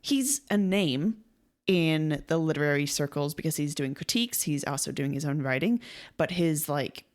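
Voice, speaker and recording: A young woman co-hosts a casual podcast in a chatty, storytelling way. Her voice sits on the lower side for a woman. She acts out quoted lines and laughs easily as she talks. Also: expressive, moderate pace. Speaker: podcast co-host.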